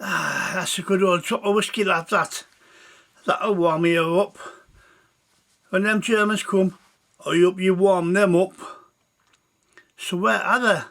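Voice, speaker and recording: Man doing a fatherly old-timer soldier, hearty and high. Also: fairly even intonation, takes it slowly, gravelly, pauses often, fairly bright tone, full character voice. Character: cheerful veteran male soldier sharing whiskey.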